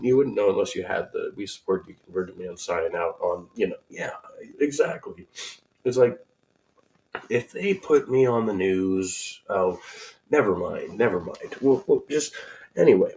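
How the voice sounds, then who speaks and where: A man's voice: lowish voice, warm tone, rough recording. A man casually reading and reacting to a blog post, rambling and sarcastic, full of restarts and asides. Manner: rambling, sarcastic, with many restarts and self-corrections. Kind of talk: casual commentary.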